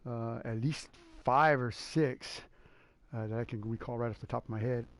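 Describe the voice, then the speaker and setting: Gravelly, excitable sim racing league host. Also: male voice, mid-range voice, moderate pace. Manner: rambling and excitable, calls everyone man and dude. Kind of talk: casual live-stream race commentary.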